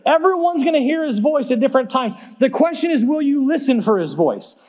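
High-voiced, animated preacher man. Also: a little fast. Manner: animated, comic, laughs at himself. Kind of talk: storytelling sermon.

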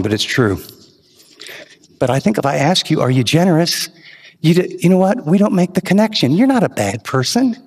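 Man preaching in a reverberant hall. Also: a little high. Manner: impassioned, rising to sudden emphatic questions. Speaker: pastor. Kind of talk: sermon.

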